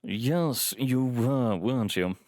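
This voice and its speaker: A man's voice: medium pitch, slow pace, a little mellow, no room sound, studio quality, close to an everyday voice. A man voicing a refined male valet who speaks politely, with a pleasant, cultivated manner. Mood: courteous.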